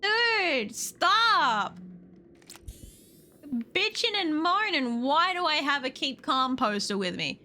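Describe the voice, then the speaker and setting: A young woman streaming a game, chatting to herself and yelling and swearing at the creatures on screen. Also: high-pitched, takes it slowly, slight background noise. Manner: expressive, swears and yells at the game. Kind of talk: casual gameplay commentary.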